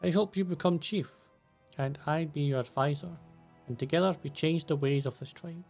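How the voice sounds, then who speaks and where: A man's voice: fairly high pitch, normal speed, gravelly, a little mellow, faint music behind. A man reading the lines of a resentful, reproachful tribeswoman aloud from game subtitles, in his own voice.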